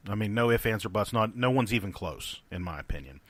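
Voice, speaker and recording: A deep-voiced man co-hosts a casual movie podcast and rambles freely. His very low voice still has a bright, forward edge. He talks in loose, restarting bursts. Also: expressive, quick pace, no room sound. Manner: rambling, many fillers and restarts. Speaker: podcast co-host.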